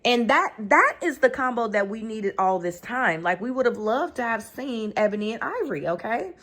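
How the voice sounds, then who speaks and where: A woman's voice: fairly high pitch, very animated, moderate pace, fairly bright tone. A woman hosting a casual reality TV recap, chatty and opinionated, acting out quotes from the cast as she goes.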